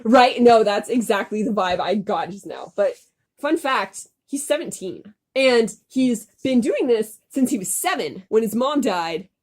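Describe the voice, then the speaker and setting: Animated woman reading her old writing. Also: fairly high pitch, unhurried. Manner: reads her old writing aloud, then reacts with exasperated laughter. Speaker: podcast co-host. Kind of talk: comedic reading and commentary.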